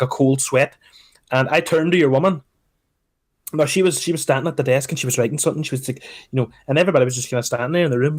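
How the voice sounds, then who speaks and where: A young man, telling a long story on a casual podcast, swearing and acting out the people in it. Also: medium pitch. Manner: animated, swearing, mimics people in his story. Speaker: podcast co-host.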